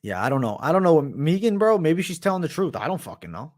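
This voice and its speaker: A man's voice: on the high side, big pitch swings, fast, darkish tone. A man hosting a livestream, chatting casually while answering viewer questions, laid-back and profane. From United States. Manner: laid-back, profane, says "bro" a lot. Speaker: livestream host.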